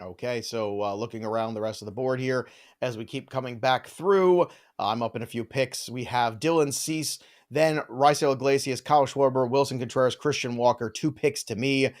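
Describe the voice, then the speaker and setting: A man's voice: mid-range voice, normal speed. Man hosting, teasing banter. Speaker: fantasy baseball podcast host. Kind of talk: casual live-stream draft chat.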